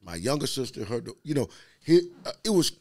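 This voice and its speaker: A man in casual chat, telling lively stories, acting out the quotes and laughing often. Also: medium pitch, a little fast. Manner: animated storyteller, acts out quotes, laughs often. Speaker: podcast guest telling stories.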